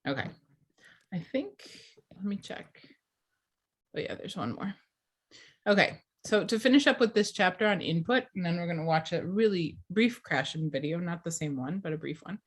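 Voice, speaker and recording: Woman teaching a class, clear and deliberate. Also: on the low side, expressive. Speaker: teacher trainer. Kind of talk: class lecture.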